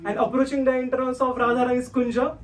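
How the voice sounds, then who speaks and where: A man's voice: extremely high pitch, little pitch movement, fast talker, far from the mic, low-quality recording. A man giving a devotional storytelling sermon, often asking "right?" of his listeners. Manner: repeats "right?" to the listeners, sings verses for them to repeat. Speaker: religious teacher.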